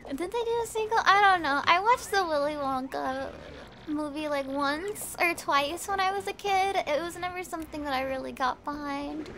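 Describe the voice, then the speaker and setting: A woman's voice: high-pitched, normal speed, sharp tone, a little hiss or hum. A woman streaming a video game, chatting casually with her viewers, swearing and laughing often. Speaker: VTuber streamer. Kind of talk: casual gameplay commentary.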